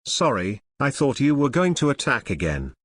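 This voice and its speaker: A calm, ruthless young swordsman, read by a male narrator in a mid-pitched, animated voice. The delivery is blunt and close to the mic in a dry space. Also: normal speed, dry recording.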